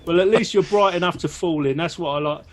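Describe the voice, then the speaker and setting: A cocky, mouthy city bloke with a British accent, played by a man in a tabletop game. His voice sits a little high and he bickers boisterously, bristling at every slight. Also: natural voice. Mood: jokey. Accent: British English. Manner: boisterous, bantering, quick to take offence.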